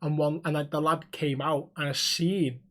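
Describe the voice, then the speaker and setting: A man's voice: fairly high pitch, moderate pace. A man, co-hosting a podcast and telling a story with swearing and acted-out dialogue. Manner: animated storyteller who swears and acts out dialogue. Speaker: podcast co-host. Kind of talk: casual chat, storytelling.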